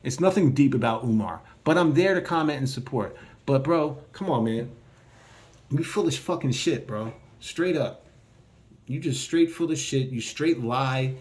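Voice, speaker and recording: A man's voice: medium pitch, lively intonation, unhurried, darkish tone. A man ranting in a response video, combative and profane, speaking straight to his viewers. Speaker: online commentator. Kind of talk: heated response video rant.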